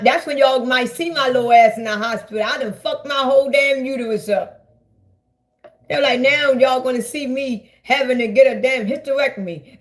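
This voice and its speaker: A woman, ranting loudly and profanely to her viewers on a live stream. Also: sits high. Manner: loud, profane, rambling, talks straight to viewers. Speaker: livestreamer. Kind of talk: casual live-stream rant.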